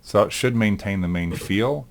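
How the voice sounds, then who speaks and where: A male instructor with a deep, low voice walks through a software demo in a recorded lecture. He thinks aloud in an easygoing way. He often pauses on "um" as he works. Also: background noise. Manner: thinks aloud, relaxed, with frequent ums. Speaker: animation instructor.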